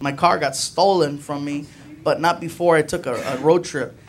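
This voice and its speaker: A male stand-up comedian telling an animated story on stage, recorded live with audience noise in a comedy club. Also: a little high, normal speed. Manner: animated, building to shouts.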